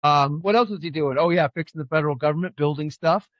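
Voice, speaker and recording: A man's voice: on the high side, fast, fairly bright tone, dry recording, dull audio. A man co-hosting a podcast, chatting casually about politics and telling stories, rambling, repeating himself and firing off emphatic rhetorical questions. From California. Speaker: podcast co-host.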